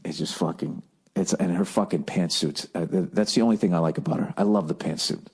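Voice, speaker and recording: A man's voice: low-pitched, brisk, darkish tone, slightly rough. An American man hosting a solo comedy podcast, ranting with heavy profanity and sarcasm. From United States. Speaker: podcast host.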